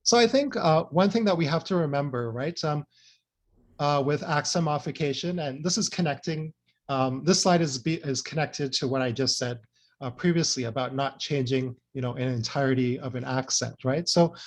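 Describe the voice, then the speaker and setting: Man, academic presenter, earnest, filler-heavy, slightly high pitch. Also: normal speed. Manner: earnest, many fillers, frequent "right?" checks. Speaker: speaker presenting a talk.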